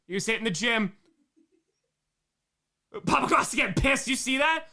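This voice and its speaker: A male streamer hosting a live show, cracking self-mocking jokes as he reacts to old home videos. His voice swings widely in pitch, leaping up when he gets excited. The tone is bright and a little sharp. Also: moderate pace, pauses often. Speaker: streamer host.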